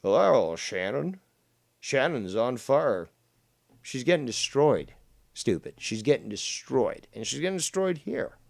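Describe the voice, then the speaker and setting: Man, combative stream commentary, profane, mocking, very animated pitch, dry sound. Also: a little slow, creaky, no room sound. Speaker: streamer reacting to a clip.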